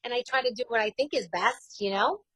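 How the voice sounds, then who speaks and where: A woman in her forties with a New York accent, a radio host telling her story in a casual interview, candid and quick to laugh. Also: fairly high pitch, fairly bright tone, husky, no echo, low-quality recording.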